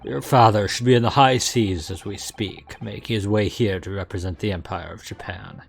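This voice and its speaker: A man's voice: on the low side, steady tone, moderate pace, creaky, pitched below the performer's own voice. A man reading out a stern, grandiose police chief lord in a pompous, declaiming manner while playing a game on stream. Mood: formal.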